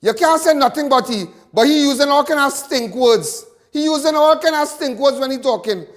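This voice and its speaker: A man's voice: very high voice, moderate pace. A Trinidadian man hosting a live crime talk show, delivering a fiery monologue full of repetitions and stammered restarts.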